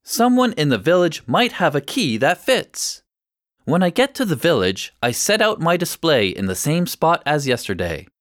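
A male narrator reads a first-person story in a clear, measured way. His pitch moves in lively, animated swings, and the recording is dry and close with no room sound. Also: no echo.

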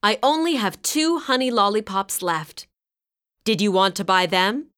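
A kindly farm stand seller from a picture book, speaking plainly and gently, as a woman reads his lines. The delivery is slow and lively in its pitch. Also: clear, resonant tone. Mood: friendly.

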